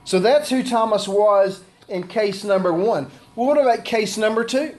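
A man's voice: high voice, normal speed, a little mellow. A man preaching a conversational sermon, acting out the scripture voices he quotes. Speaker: pastor.

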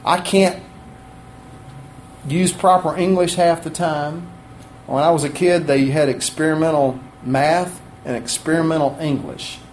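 A man's voice: fairly high pitch, fairly even intonation, unhurried, a little hiss or hum. A middle-aged man preaching a sermon in a chatty, self-deprecating way, asking the congregation questions as he goes. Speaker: pastor. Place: church sanctuary.

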